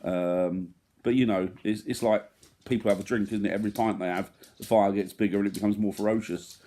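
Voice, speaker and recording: Mellow-voiced man rambling and joking. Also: on the low side, steady tone, fairly quick. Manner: rambling, joking, self-deprecating. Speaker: vlogger. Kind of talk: casual vlog chat.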